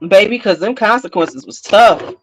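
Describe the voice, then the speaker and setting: A woman hosting a casual chat to camera, telling stories in an animated, profane way, laughing often and acting out scenes. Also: medium pitch, moderate pace, background noise. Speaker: beauty channel host.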